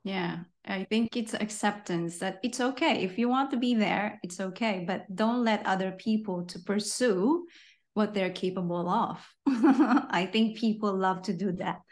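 A woman hosting an interview, responding warmly, encouraging her guest and laughing along. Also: mid-range voice, unhurried. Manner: warm, encouraging backchannel and laughter. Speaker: host. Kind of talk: casual interview chat.

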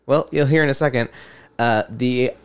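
A man's voice: medium pitch, moderate pace, smooth. Laughing male podcast host. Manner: laughing often, reading quotes aloud. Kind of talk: casual chat.

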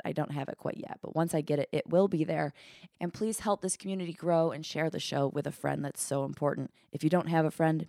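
A woman hosting a solo podcast, talking in a chatty, self-deprecating way with a sick, hoarse voice. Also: sits low, warm tone, no room sound, studio quality. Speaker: podcast host.

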